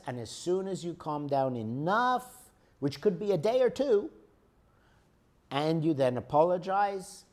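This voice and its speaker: A man's voice: on the high side, a little mellow. A man lecturing a group on emotions, explaining with everyday examples and often checking in with "okay?". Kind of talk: spiritual teaching lecture.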